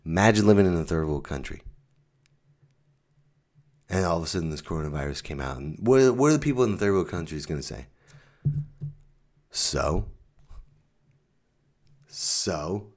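A man hosting his own comedy podcast, ranting sarcastically, swinging from mutters to loud outbursts. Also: low voice, animated, quick pace, pauses often. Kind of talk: stand-up style podcast rant.

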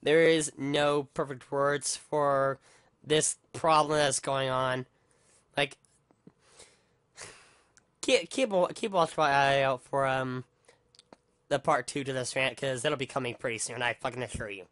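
A vlogger rants angrily into the camera, swearing heavily and stumbling over his words with repeated restarts. His mid-range voice is unhurried and a bit bright, broken by long pauses, and the studio-quality recording is clean with no echo.

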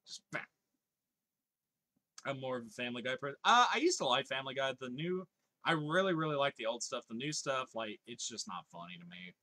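A man's voice: mid-range voice, big pitch swings, brisk, pushed and bright. A man in his thirties streaming live, chatting casually, reading viewers' comments aloud and laughing often.

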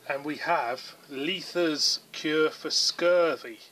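A man's voice: a little high, slow, sharp tone. A man with a southern English accent, casually reviewing a beer in a rambling, chatty way with lots of fillers. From England.

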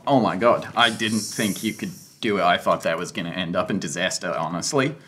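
A man playing a tabletop game who speaks in an earnest, expressive way. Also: low-pitched, a little fast. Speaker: player.

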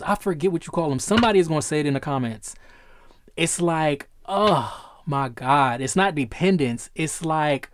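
A man's voice: on the high side, a little hiss or hum. A man giving a casual tarot reading, emphatic and repetitive, swearing freely. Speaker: tarot reader.

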